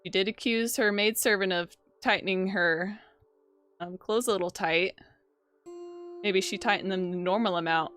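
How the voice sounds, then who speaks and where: A woman's voice: mid-range voice, a bit bright. A woman doing casual gameplay commentary, wryly reading game text aloud. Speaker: game streamer.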